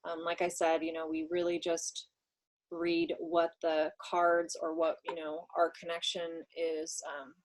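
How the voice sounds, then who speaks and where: A woman's voice: lowish voice, monotone, unhurried. Laid-back woman doing a one-card tarot read on a live stream, lots of ums and you-knows. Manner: warm, reflective, talks through ideas with fillers. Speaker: co-host and card reader. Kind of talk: casual live-stream chat.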